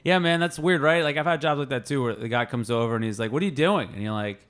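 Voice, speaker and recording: A man's voice: mid-range voice, level tone, quick pace, fairly bright tone, smooth. A young man hosting a podcast, chatting animatedly and acting out scenes with laughter. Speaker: podcast host. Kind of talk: casual chat.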